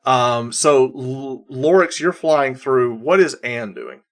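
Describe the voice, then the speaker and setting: A man's voice: mid-range voice, big pitch swings, slow pace. A man narrating as game master of a tabletop game, rambling with many restarts and fillers.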